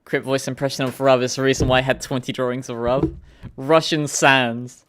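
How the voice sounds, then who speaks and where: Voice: medium pitch, flat delivery, fast talker, faint music behind. A streamer chatting casually with viewers, rambling with lots of filler words. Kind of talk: casual live-stream chat.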